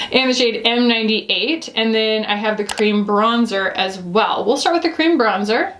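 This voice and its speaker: A woman in her thirties talks through a makeup test in a loose, rambling way, full of fillers. Her voice sits a little high. The room gives it a noticeable echo. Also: a little slow, fairly bright tone. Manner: chatty, rambling, frequent "you know" and "like". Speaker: beauty reviewer. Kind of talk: casual makeup review vlog. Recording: echoey room.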